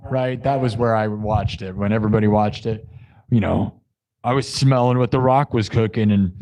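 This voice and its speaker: A man's voice: fairly low pitch, steady tone, moderate pace, a little mellow. A young man hosting a casual livestream, rambling and silly, laughing at his own jokes. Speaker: livestream host and improv musician.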